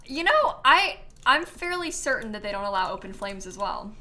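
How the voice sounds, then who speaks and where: A woman's voice: medium pitch, sing-song, moderate pace, pushed and bright. A young woman streaming a game, thinking aloud in casual chat, hesitant and full of ums.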